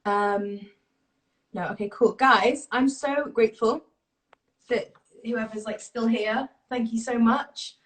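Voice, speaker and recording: A woman's voice: a little high, takes it slowly. Distant-sounding woman host, encouraging. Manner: encouraging, chatty, giggly asides. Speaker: livestream host. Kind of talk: casual livestream chat. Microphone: phone on a video livestream. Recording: thin, distant phone-stream sound.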